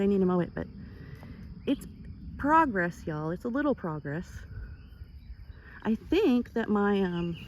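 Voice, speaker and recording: A Texan woman vlogging as she walks her ranch, chatty and a little out of breath, switching into a high sing-song baby voice when she talks to her animals. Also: a little mellow, slight background noise. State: slightly out of breath. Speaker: ranch owner. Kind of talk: casual walking vlog. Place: outdoors on a rural ranch property. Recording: outdoor ambience with animal noises.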